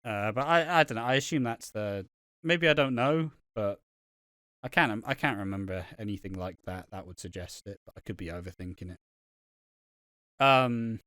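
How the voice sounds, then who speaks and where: A man's voice: on the low side, moderate pace, a bit bright, no room sound, studio quality. A man co-hosting a podcast, recapping scenes in a rambling way with frequent restarts. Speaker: podcast co-host. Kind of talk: casual podcast chat.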